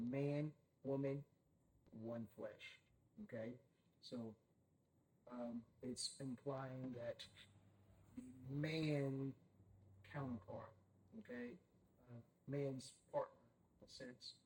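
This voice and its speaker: A man's voice: medium pitch, a little mellow, low-quality recording. A man leading a Bible study, who keeps saying "okay?" and puts questions to his group. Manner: checks in with "okay?" constantly, asks the group questions.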